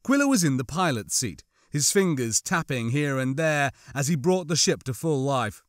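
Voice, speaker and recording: A man reading a science fiction novel aloud as an audiobook narrator, telling the story with lively, shifting character voices. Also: mid-range voice, moderate pace, no room sound, clean studio sound. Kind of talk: scripted narration.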